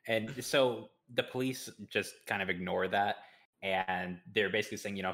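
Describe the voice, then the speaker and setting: A man's voice: fairly low pitch, fairly even intonation, normal speed, a bit bright. A man co-hosting a podcast, recapping cartoon episodes in a laid-back way with casual swearing. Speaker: podcast co-host.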